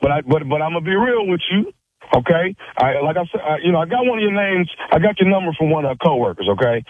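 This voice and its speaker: A man's voice: a little high, very animated, fast talker, no room sound. A man making a prank phone call, coaxing and stammering with mock seriousness. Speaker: radio prank caller. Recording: tinny phone line.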